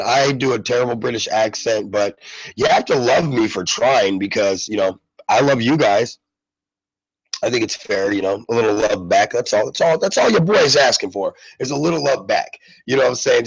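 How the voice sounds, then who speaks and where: Talk show host, male, gravelly voice, mid pitch, rambling and chatty with frequent fillers. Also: highs cut off. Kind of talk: casual live-stream chat.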